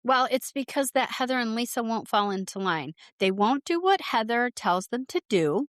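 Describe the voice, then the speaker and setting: A woman's voice: a little high, expressive, normal speed, dry recording, studio quality. A woman co-hosting a podcast, speaking bluntly in a casual chat about reality TV and swearing freely. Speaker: podcast co-host.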